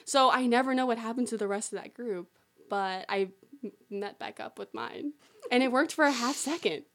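A woman's voice: fairly high pitch, moderate pace. A young woman telling a story as a podcast guest in casual chat, acting out quoted lines and using lots of "like" fillers. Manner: animated, acts out quotes, many "like" fillers.

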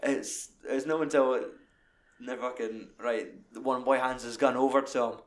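A man in casual film chat, talking in an animated, sweary, enthusiastic way. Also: medium pitch, normal speed.

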